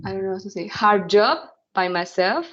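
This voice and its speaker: A woman whose first language is Spanish, an English student who talks quickly and rambles with fillers. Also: medium pitch, fairly bright tone, dull audio.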